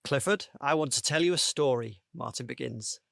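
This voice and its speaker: A man on a podcast panel reading out a comic made-up story, with a playful, deadpan delivery. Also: mid-range voice, moderate pace, creaky, no echo, clean studio sound.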